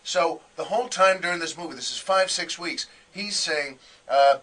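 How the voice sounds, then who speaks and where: A man telling a story as a guest on a radio interview, animated and acting out the voices he quotes. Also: a little high, normal speed, far from the mic. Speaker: comedian guest.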